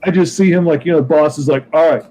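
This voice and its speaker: A man's voice: on the high side, fast talker, warm tone, slight background noise, poor audio. A man co-hosting a casual comics podcast, talking in an easygoing, enthusiastic way. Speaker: co-host, comic creator.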